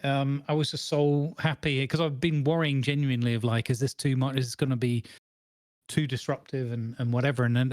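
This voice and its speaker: A man's voice: medium pitch, a little mellow, dry recording, studio quality. A man, co-hosting a casual chat and telling a long, rambling story full of restarts and fillers. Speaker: podcast co-host.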